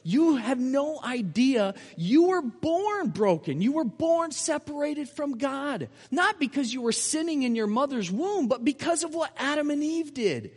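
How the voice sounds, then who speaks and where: A preacher retelling the words of an eager new believer, earnest and plain-spoken, a little higher than a man's usual voice. The long church-hall reverb trails each line. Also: expressive, unhurried, few pauses, darkish tone. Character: earnest young islander man, new believer.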